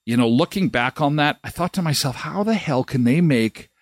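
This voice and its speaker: A man's voice: on the high side, expressive, normal speed, dry recording, clean studio sound. A middle-aged man hosting a live daily show, telling a funny story casually. His voice jumps up when he retells the moments that annoyed him.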